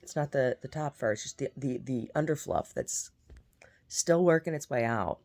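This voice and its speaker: A woman's voice: rumbling low, lively intonation, normal speed, darkish tone. A woman vlogger chatting casually and meandering, repeating words and muttering asides to herself. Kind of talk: casual rambling chat.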